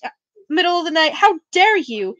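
A woman's voice: very high voice, very animated, normal speed, fairly bright tone, no room sound, heavily acted. Woman reading a stern scolding teacher lady. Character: stern older female teacher, strict and scolding. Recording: dull, dry lo-fi recording.

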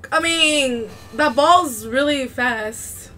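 A woman chatting excitedly while playing a video game, often shrieking and laughing. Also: high voice, normal speed. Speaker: gamer playing on stream. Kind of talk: casual gaming commentary.

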